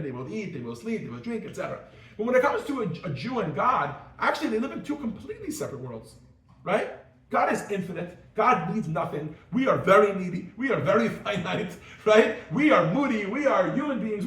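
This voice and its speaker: High-voiced rabbi teaching a class, super animated, acts out bits, echoey room, mic kinda far. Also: male voice. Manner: animated, acts out little scenes in different voices.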